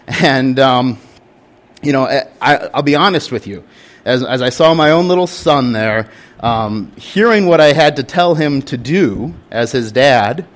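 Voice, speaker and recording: A young man, a pastor, preaching a sermon and telling a candid story in an earnest way. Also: on the high side.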